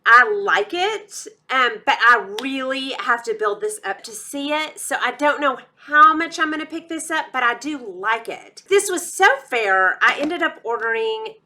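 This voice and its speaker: A woman's voice: a little high, animated, unhurried, hardly any pauses, bright, forceful tone. A woman with a Texas accent giving a chatty, enthusiastic makeup review, calling her viewers y'all. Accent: Texan. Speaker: beauty vlogger. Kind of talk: casual product review.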